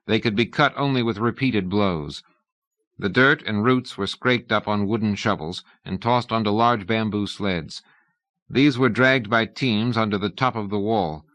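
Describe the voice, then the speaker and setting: A man narrating an audiobook in a measured, even reading style. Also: fairly low pitch, no room sound. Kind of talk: scripted narration.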